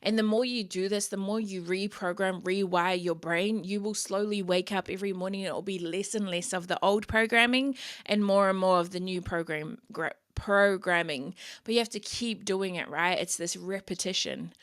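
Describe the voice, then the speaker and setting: A woman's voice: mid-range voice, moderate pace, fairly bright tone. A woman hosting a podcast, talking frankly in a casual motivational monologue and swearing freely. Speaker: podcast host and coach.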